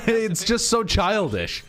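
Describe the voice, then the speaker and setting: A man's voice: high-pitched, slow pace. A man co-streaming an esports match, chatting casually and joking with laughs in between. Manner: joking, animated, laughs often. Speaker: watch party co-streamer. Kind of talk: casual esports watch-party chat.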